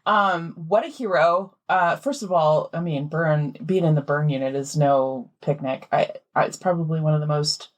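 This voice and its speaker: A woman's voice: sits low, normal speed, few pauses. A woman co-hosting a podcast in casual chat, reacting with gasps and laughter. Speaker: podcast co-host.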